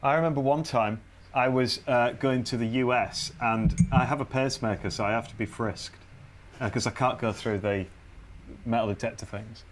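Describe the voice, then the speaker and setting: A man's voice: mid-range voice, fairly even intonation, moderate pace, a little hiss or hum. A man with a British accent, a podcast co-host chatting casually and telling stories with acted quotes. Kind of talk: casual chat.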